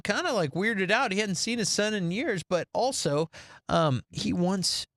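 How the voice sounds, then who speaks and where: A man's voice: high voice, unhurried, no echo, clean studio sound. A man co-hosting a casual podcast, recapping a movie and acting out the characters' lines. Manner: animated, acts out the characters' lines in different voices. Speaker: podcast co-host.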